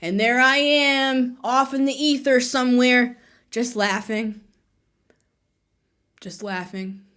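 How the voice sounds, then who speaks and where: A woman's voice: high voice, unhurried, a bit bright. A woman tarot reader musing aloud in a casual spiritual monologue, laughing often and dropping at times to a near-whisper.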